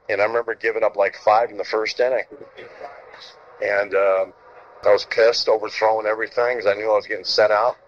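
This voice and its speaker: A man's voice: on the low side, slight background noise. Middle-aged guy telling baseball stories, acts out the quotes, swears a lot, muffled lo-fi sound. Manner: animated storyteller, acts out quotes, swears freely. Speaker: former pitcher telling stories. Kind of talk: casual storytelling chat. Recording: dull lo-fi sound.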